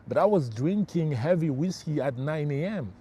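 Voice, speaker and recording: A man's voice: on the high side, lively intonation, moderate pace, mellow, slight background noise. A middle-aged man working as a spiritual life coach, giving an emphatic motivational livestream talk. He repeats his key phrases and calls his listeners bro.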